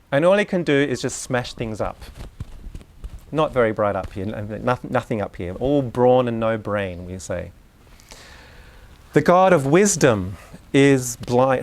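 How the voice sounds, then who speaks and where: In a casual talk to parents about Waldorf education, a man with an ordinary-pitched voice leans on examples and adds asides and questions directed at the room. It comes across as an in-person address to a live crowd.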